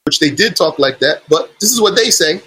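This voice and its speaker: A man delivers a religious lesson in a high voice. He argues point by point, voicing his opponents' claims before answering them. His tone is bright and clear, and he recites scripture in Arabic before translating it. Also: animated, brisk, rough recording. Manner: argumentative, quotes opponents then rebuts them. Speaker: religious teacher. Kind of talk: lecture on belief.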